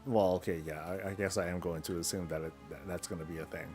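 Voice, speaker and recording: Male streamer, lowish voice, loose rambling chat with viewers, faint music bed. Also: fairly even intonation, fast, a little mellow. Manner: rambling, answers chat between in-game moves. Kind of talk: casual live-stream chat while gaming.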